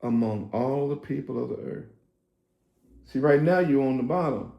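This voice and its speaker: A man preaching a sermon to online viewers, his voice going hoarse, building to emphatic, shouted preaching. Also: medium pitch, moderate pace, roomy sound, muffled recording. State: voice getting hoarse.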